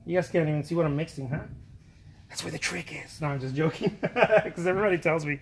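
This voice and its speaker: A man's voice: on the high side, fast, vocal fry. A man painting on camera, chatting casually with a scratchy throat, rambling, joking and repeating himself. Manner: rambling and joking, repeats words, laughs often.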